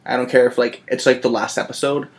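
A man's voice: mid-range voice, level tone, fast. A young man co-hosting a casual podcast chat, easygoing, swearing casually and laughing a lot.

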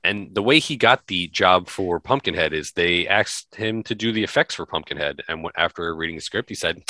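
A man's voice: deep voice, expressive, normal speed, hardly any pauses, pushed and bright, no room sound. A man co-hosting a podcast, chatting casually and rambling through lists with lots of fillers. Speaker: podcast co-host. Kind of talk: casual chat.

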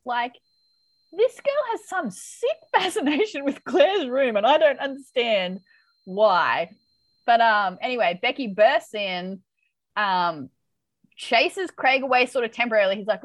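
A woman co-hosting a casual recap chat, animated, laughing often and acting out quotes. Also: on the high side, measured pace, no room sound. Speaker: podcast co-host.

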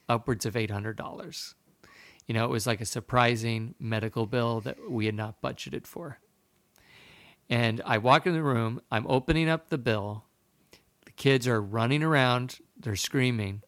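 A man's voice: medium pitch, moderate pace, fairly bright tone, no echo. A man in his thirties telling a personal story on a podcast, rambling and self-deprecating, with many fillers and restarts. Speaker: podcast guest. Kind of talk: casual storytelling.

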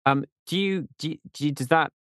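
A man's voice: a little high, brisk, a bit bright, clear, resonant tone, dry recording, studio quality. A man hosting a podcast, asking a guest questions in a friendly, stumbling way. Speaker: podcast host. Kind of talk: casual interview questions.

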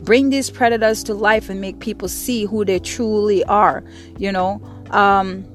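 A woman's voice: mid-range voice, fairly even intonation, measured pace. Angry, profane woman ranting over faint music. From Caribbean. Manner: angry, profane, repetitive emphatic speech. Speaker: podcast host. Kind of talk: impassioned monologue.

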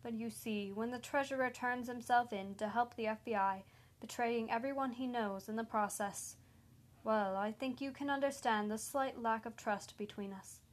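A woman's voice: on the high side, moderate pace, lightly acted. A woman reading a story and voicing a smug, cruel male hitman who taunts his victim. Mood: menacing.

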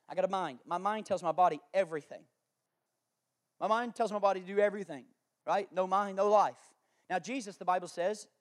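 A man preaching a sermon as pastor, talking folksy and conversational with homespun examples, then repeating lines as he builds to loud, emphatic declarations. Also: high-pitched.

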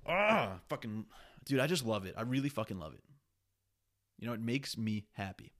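A man's voice: fairly low pitch, brisk, dry recording, studio quality. A young man hosting his own podcast, rambling casually and restlessly, with plenty of swearing and a bit of a sniffle. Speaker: podcast host. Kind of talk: casual solo podcast monologue.

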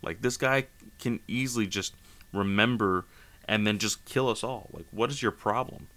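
A man's voice: fairly low pitch, moderate pace, a bit bright. A man reading out the lines of an alarmed, outraged young male hero in a near-everyday voice.

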